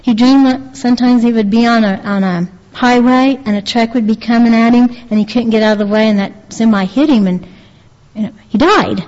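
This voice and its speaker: A woman earnestly retelling a religious testimony as a lay preacher, halting and restarting her sentences. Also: a little high, a little mellow. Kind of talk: devotional storytelling. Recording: long reverb, dull lo-fi sound.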